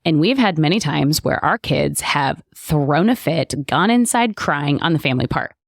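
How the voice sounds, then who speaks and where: Woman, low voice, chatty podcast co-host, dry close sound. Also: lively intonation, normal speed, vocal fry, no room sound. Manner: chatty and agreeable, builds on her co-host's points. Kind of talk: casual chat.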